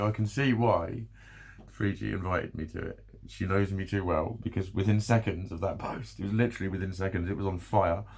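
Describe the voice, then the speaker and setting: Man, vlogger, exhausted, low gravelly voice, rambling and self-deprecating. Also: darkish tone, a little hiss or hum. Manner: rambling, swearing, self-deprecating, frequent nervous laughs. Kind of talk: emotional personal vlog.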